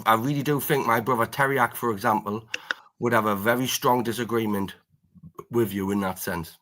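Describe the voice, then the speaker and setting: A man's voice: mid-range voice, steady tone, fairly quick, fairly bright tone. Man, northeast English accent, needling debate panelist who repeats himself. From northeast Britain, near the Scottish border. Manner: needling, repeats his demands over and over. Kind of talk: live-stream debate banter.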